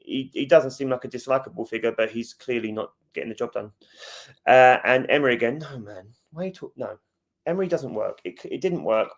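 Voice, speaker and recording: A man's voice: on the low side, gravelly. A man hosting a fan livestream, chatting casually and jokingly, answering viewers' comments. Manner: chatty, jokey, talks straight to viewers. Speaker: fan channel host.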